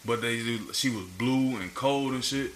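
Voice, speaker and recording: A man's voice: mid-range voice, unhurried. A man on a casual podcast, telling stories with lots of swearing and acted-out quotes. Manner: animated, profane storytelling with acted-out quotes. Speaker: podcast co-host. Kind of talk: casual storytelling chat. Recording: roomy echo, faint background noise.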